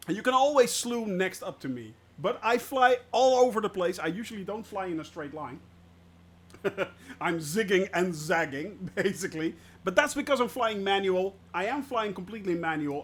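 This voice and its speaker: A man streaming a flight game live, loud and jokey, laughing at his own puns and greeting viewers by name. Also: sits high, a little hiss or hum. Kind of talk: live gameplay commentary.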